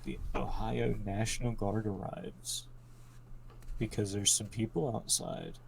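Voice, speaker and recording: A man's voice: on the low side, fairly even intonation, a little slow, gravelly, over a noisy crowd. A teenage boy joking his way through a class history podcast with friends, talking over them. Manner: joking, jumpy, talks over others. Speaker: student presenter. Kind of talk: casual class project podcast.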